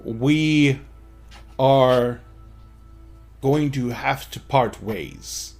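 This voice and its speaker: A man voicing a huge, armored old grandfather warrior who speaks sternly and slowly. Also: mid-range voice, vocal fry, darkish tone, soft background music. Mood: grave. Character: gruff giant old male warrior grandpa.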